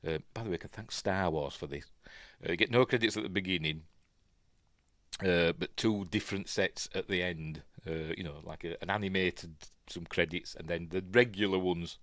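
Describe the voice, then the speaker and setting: A man's voice: sits low, normal speed, fairly bright tone, no room sound, clean studio sound. A man with a Yorkshire accent casually commentating on an old film as he watches, rambling and chatty with lots of fillers. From Yorkshire, England. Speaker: film review host.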